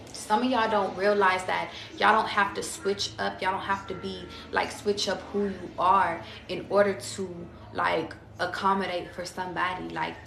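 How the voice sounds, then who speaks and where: A woman's voice: lowish voice, vocal fry, roomy sound, noisy background. A woman giving a casual tarot reading to her viewers. She talks in a slangy, profane, chatty way and calls them y'all. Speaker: tarot reader.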